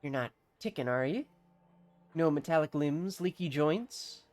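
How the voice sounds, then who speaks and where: A jumpy, suspicious farmer with a rusty sword, put on by a streamer reading the game's lines. He grumbles in a folksy, wary way through a deliberately bad accent. His voice swings widely in pitch. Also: very animated, lightly acted. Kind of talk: reading game dialogue aloud on a live stream.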